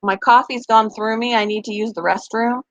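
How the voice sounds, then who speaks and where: A woman's voice: on the high side, steady tone, moderate pace, a bit bright, no echo, lo-fi sound. A young woman hosting a casual live-stream chat about her pets, answering viewers' comments as they come in. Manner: chatty, talks back to viewers' comments. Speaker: pet channel host.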